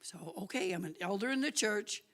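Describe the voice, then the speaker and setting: A woman telling a lively story at a church talk, chatty and laughing often. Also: mid-range voice, brisk. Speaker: guest speaker.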